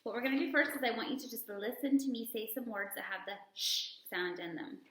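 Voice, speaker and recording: A woman speech-language pathologist modeling sounds and words slowly and deliberately for children to repeat. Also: fairly high pitch, pushed and bright, roomy sound. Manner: slow, deliberate word-by-word modeling. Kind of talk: speech therapy lesson.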